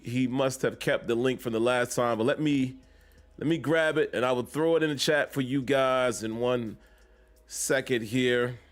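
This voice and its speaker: A man hosting a live-streamed sports podcast from his home basement, chatting casually and greeting viewers by name. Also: mid-range voice. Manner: casual, repetitive shout-outs to chat viewers. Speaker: podcast host.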